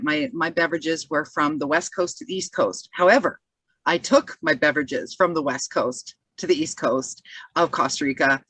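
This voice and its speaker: A woman's voice: low voice, a bit bright, dry recording. A Canadian woman sharing a heartfelt personal testimonial on a video call, rambling with many restarts. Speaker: community member giving testimonial.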